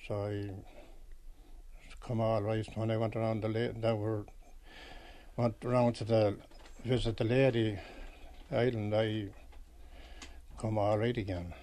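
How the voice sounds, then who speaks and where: A man's voice: fairly low pitch, flat delivery, a little slow, pauses often, mellow. Irish man telling a rambling homely story. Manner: rambling, homely, many restarts and "you know"s. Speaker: pilgrim interviewee. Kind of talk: recalled story in an interview.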